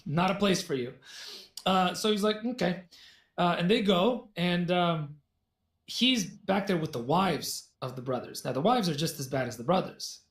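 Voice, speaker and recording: A man telling a fairy tale as a podcast guest, in an animated, jokey way with asides. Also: high-pitched, normal speed. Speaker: guest storyteller. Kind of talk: casual storytelling in a podcast conversation. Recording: roomy echo.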